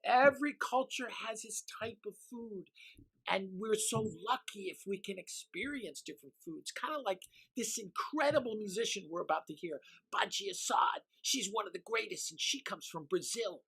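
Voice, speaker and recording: A woman's voice: mid-range voice, animated, moderate pace, vocal fry, a bit bright, breathy edge, low-quality recording. A woman hosting a children's music show in an eager, exclamatory way. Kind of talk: enthusiastic kids' show hosting.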